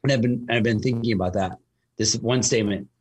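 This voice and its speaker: A man's voice: medium pitch, fairly quick, husky. A man talking casually as a host, telling a long story with lots of fillers and restarts. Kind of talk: casual conversation.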